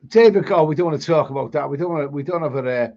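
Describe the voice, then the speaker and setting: A man with a fairly high voice hosts a casual live stream, reading out viewer comments. He rambles, doubling up words and restarting sentences as he goes. The sound is dull and lo-fi. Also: racing, a little mellow.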